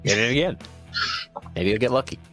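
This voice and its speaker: A man's voice: expressive, fairly quick, fairly bright tone, soft background music. A man playing a tabletop game who jokes and swears freely with the group. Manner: profane, jokey, swings in pitch. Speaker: player. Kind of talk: casual tabletop play.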